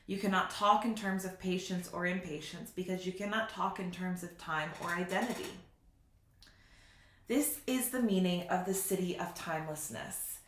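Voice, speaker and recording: A woman giving a slow, reflective spiritual teaching in a vlog, sometimes laughing at herself. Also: lowish voice, slight background noise. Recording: roomy echo.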